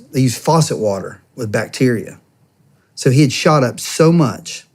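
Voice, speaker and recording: A man's voice: mid-range voice, a little mellow. A man, a former police officer and podcast guest, tells an emotional personal story in an earnest, conversational way. He acts out what others said and often restarts his sentences. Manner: acts out the quoted speech of others while telling the story.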